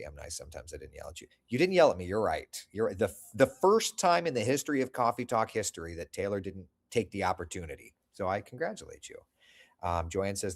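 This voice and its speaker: Still getting his voice back after losing it, a middle-aged livestream host reads live chat comments aloud and responds casually, chatty and self-deprecating. His voice is low and creaky.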